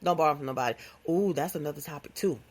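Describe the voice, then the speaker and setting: Animated woman podcast host. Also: low voice, quick pace. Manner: animated, playful, conversational with vernacular phrasing. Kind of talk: casual comedic monologue.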